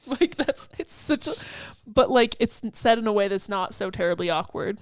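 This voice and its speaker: A woman's voice: on the high side, moderate pace, few pauses, dry recording. A young woman co-hosting a casual podcast, talking through song lyrics in a loose, chatty way with lots of "like" fillers, laughs and the odd swear. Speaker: podcast co-host.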